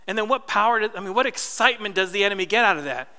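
A man's voice: high-pitched, animated, rapid-fire, sharp tone, clear, resonant tone. A man in his thirties from New Jersey, preaching a sermon in casual, story-driven talk with asides to the congregation. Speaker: pastor. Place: church hall. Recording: reverberant church hall.

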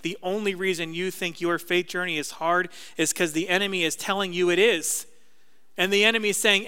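A man's voice: high-pitched, moderate pace, pushed and bright, clean tone, big-room sound. A middle-aged man, a pastor, preaching a sermon in a conversational, self-deprecating storytelling way.

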